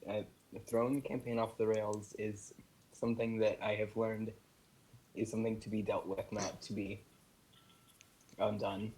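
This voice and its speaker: Low-voiced young man running the game. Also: flat delivery, moderate pace, pauses often, a little mellow, rough recording. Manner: hesitant, many ums and uhs. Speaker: dungeon master. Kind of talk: running a tabletop game over voice chat.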